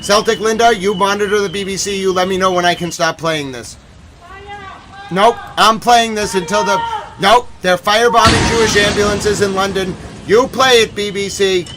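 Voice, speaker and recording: A man hosting a live stream on breaking news, talking urgently and breaking into agitated, shouted outbursts. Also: sits high, normal speed, noisy background. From United States. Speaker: livestream host covering breaking news.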